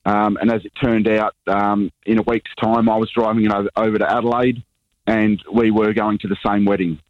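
A man calls in to a radio show and tells his story with hesitations and ums. His voice is somewhat low, dry and muffled, as though over a phone line. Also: level tone, moderate pace, no echo. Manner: hesitant, filler-heavy. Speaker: caller. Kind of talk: telling a story on a phone call.

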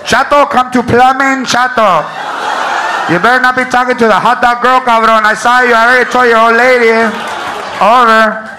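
A man voicing a loud Chicano store announcer with a Chicano accent, bossy, who signs off each call with "over". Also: very high voice, fairly even intonation, moderate pace. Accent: Chicano English. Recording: live club with crowd and noise.

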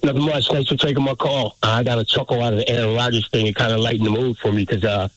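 A man's voice: mid-range voice, fairly even intonation, fast, a bit bright, dry recording. A middle-aged man, a military veteran, calls in to a radio show and earnestly tells a story that moves him. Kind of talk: phone-in call. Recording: muffled phone-line call.

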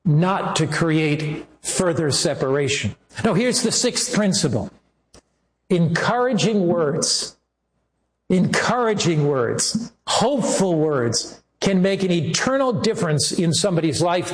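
Earnest male pastor preaching, echoey room. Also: high voice. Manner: earnest storytelling, slow emphatic phrasing. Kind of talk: sermon.

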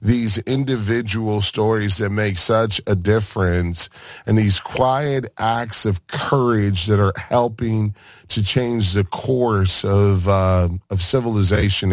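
A man's voice: fairly low pitch, no room sound, studio quality. Fired-up male radio host. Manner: fired up, passionate. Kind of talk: radio talk show hosting.

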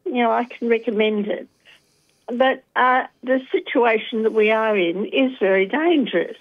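A woman's voice: a little high, normal speed. An older woman calling in to a talkback radio show, thoughtful and hesitant, with frequent ums. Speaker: caller. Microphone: phone line. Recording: dull phone-line sound.

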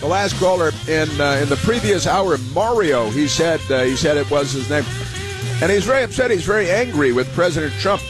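A man's voice: a little high, lively intonation, brisk, over music. A man hosting a political talk radio show, rambling with many fillers and restarts.

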